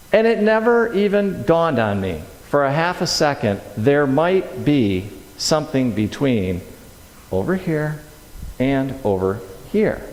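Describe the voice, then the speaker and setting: A middle-aged man giving a sermon in a church, telling a personal story in an animated way and acting out his own reactions. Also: high-pitched. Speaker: speaker at a church service. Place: large church hall. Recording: echoey hall with long reverb.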